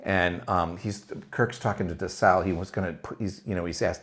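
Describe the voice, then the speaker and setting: A man's voice: low voice, fairly even intonation, brisk, fairly bright tone. A man co-hosting a casual podcast, recapping a TV episode in an easygoing, agreeable way. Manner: easygoing, agreeable, many short affirmations and laughs. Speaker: podcast co-host.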